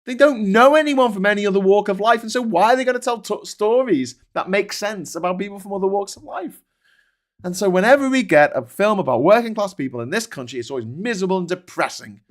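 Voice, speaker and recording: Male host, rants and swears, voice a bit higher than most men's. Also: expressive, fairly quick. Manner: sweary, ranting. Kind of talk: casual ranting chat.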